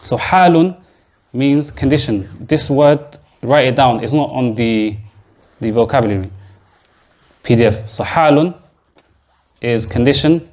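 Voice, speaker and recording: Teaching grammar in a mosque classroom, an Arabic teacher with a middle-pitched voice explains patiently step by step, repeats every word and quizzes his students as he goes. He speaks a little slowly, pauses often and sounds slightly mellow.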